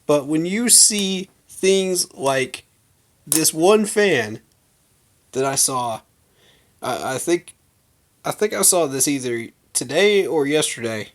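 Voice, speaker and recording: A man's voice: a little high, expressive, slow pace. A man hosting a fan channel, giving a heated, emphatic rant full of slang to his viewers. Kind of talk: casual fan rant to camera.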